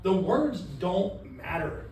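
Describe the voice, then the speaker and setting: High-voiced man coaching a roomful of trainees. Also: slow pace, a little hiss or hum. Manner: animated, asks the room questions. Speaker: sales trainer. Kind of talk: classroom training talk. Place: training room with a group. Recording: echoey room from far off.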